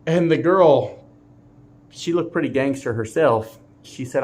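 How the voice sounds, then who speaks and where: A man's voice: medium pitch, a little slow, darkish tone. A man who drives trucks for a living, telling a story casually, often laughing and swearing lightly.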